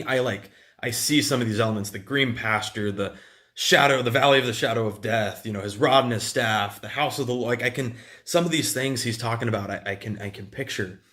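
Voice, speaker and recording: A man's voice: medium pitch, moderate pace, fairly bright tone. A man giving a casual, conversational sermon with many fillers and restarts. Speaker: preacher.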